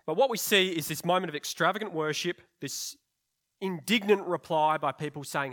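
A man's voice: fairly high pitch, normal speed, fairly bright tone. Conversational man preaching with wry asides. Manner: rhetorical questions. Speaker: pastor. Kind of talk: sermon.

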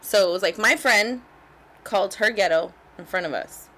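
A woman co-hosting a casual chat, telling animated stories and laughing often. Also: medium pitch, normal speed.

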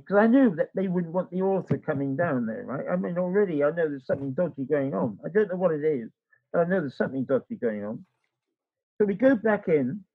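A man's voice: high-pitched, husky. A man, an author, telling a rambling anecdote and acting out the dialogue. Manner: rambling, acts out quoted dialogue. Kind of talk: anecdotal storytelling. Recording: dull lo-fi recording.

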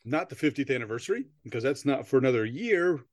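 A man's voice: medium pitch, expressive, fast, no echo, studio quality. A man hosting a casual comedy podcast who jokes around, goes off on goofy tangents and laughs often. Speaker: podcast host.

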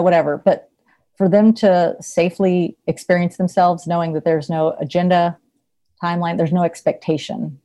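A woman with a fairly low, mellow and relaxed voice talks as a therapist in a casual interview. She is chatty, laughs easily and fills her sentences with "like" and "you know." Her tone stays loose and unhurried. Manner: chatty, laughs often, many fillers. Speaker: therapist, podcast guest.

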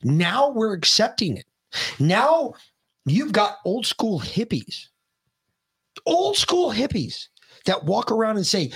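Husky guy ranting on a podcast, swears a lot, pitch jumps all over the place. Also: big pitch swings, slow pace, long pauses. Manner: profane, heated, shouting rants. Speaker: podcast co-host. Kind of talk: ranting political podcast chat.

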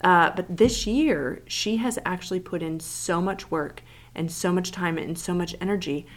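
Woman, thirties, low-pitched, chatty, animated, podcast co-host. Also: moderate pace. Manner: chatty, animated storytelling with laughs. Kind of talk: casual chat.

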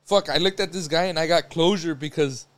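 A man's voice: a little high, fairly quick. A man co-hosting a casual podcast chat, telling stories full of swearing and laughter. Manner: profane storytelling, laughs often. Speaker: podcast co-host.

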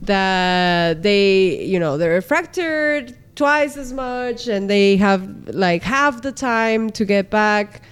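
Woman, unhurried pace, laughing, swearing, casual recap chat. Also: mid-range voice, smooth. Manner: laughs often, swears, acts out quotes.

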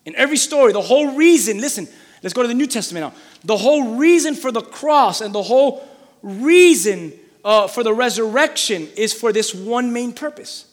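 Man, pastor, sermon, fervent, repeats phrases for emphasis, high voice, long hall reverb.

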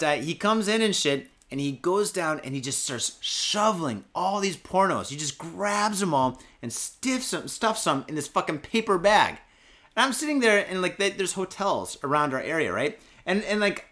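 A man hosting a podcast who tells stories in a casual, swear-heavy way. His fairly high, bright voice swings widely in pitch, and he jumps up to shout quoted lines. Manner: profane, peppers speech with "and shit" and "fucking". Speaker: podcast host.

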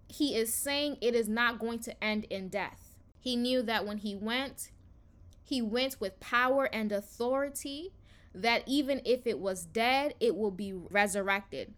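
A woman's voice: on the high side, fairly bright tone. Earnest woman giving a devotional talk. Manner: earnest, reflective, slow pauses. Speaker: podcast host reading scripture and teaching. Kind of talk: devotional teaching.

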